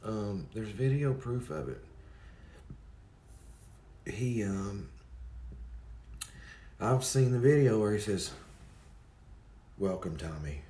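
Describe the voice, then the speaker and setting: A man chats loosely with his livestream audience, wandering from point to point and greeting people by name. His voice sits a little low. The sound is roomy and echoey. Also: lively intonation, slow pace, long pauses, warm tone. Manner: rambling, addresses chat by name. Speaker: livestream host. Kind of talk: casual chat with viewers.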